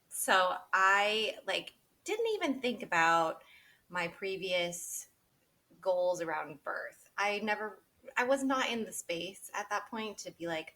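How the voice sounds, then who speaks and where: A woman in her thirties speaks as a podcast interview guest and shares a personal story. Her voice sits a little low for a woman, yet it sounds bright and forward. She talks candidly and with feeling, laughs easily, and acts out what she and others said. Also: lively intonation, normal speed. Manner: candid and emotional, laughing often, quoting herself and others.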